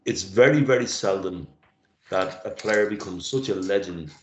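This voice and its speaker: A middle-aged man co-hosting a casual chat, reflective and halting, his voice catching with emotion. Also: deep voice, a little hiss or hum. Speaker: podcast co-host. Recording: roomy lo-fi sound.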